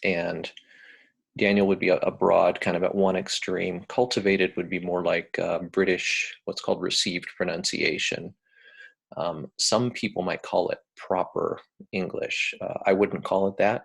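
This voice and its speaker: An American man giving a recorded lecture, talking in a relaxed, hesitant way with many ums and uhs. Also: deep voice, moderate pace, vocal fry, breathy edge. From United States.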